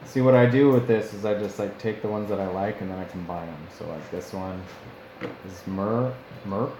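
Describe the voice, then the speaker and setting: A man's voice: sits low, moderate pace. A man thinking aloud as he writes a tabletop campaign and sounds out fantasy names. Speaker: game master. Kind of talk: live-streamed campaign writing, thinking aloud. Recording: echoey room with clear background noise.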